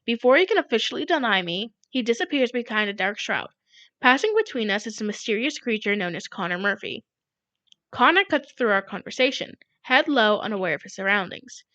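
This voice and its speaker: A woman reading a novel aloud in first person, with unhurried narration in a dull lo-fi recording. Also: on the high side, expressive, sharp tone, no echo. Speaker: audiobook reader.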